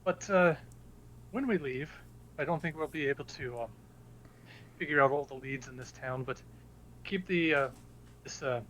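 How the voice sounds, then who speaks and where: A man playing a tabletop game, his voice bright, sharp and fairly high. He talks casually and energetically. Faint hiss behind him. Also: normal speed, pauses often, low-quality recording. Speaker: player.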